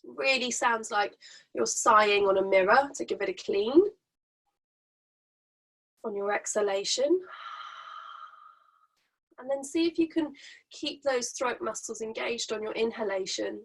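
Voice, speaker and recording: A woman's voice: fairly high pitch, low-quality recording. Soothing woman guiding yoga breathing. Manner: soft, slow, soothing guidance. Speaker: pregnancy yoga teacher. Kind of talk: guided yoga class instruction. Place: home.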